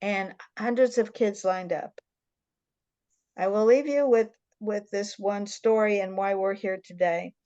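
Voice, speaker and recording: A woman's voice: medium pitch, unhurried, dark tone, no echo, lo-fi sound. Earnest older woman host, dry sound. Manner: earnest, emphatic storyteller. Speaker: interview host. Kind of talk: storytelling in an interview.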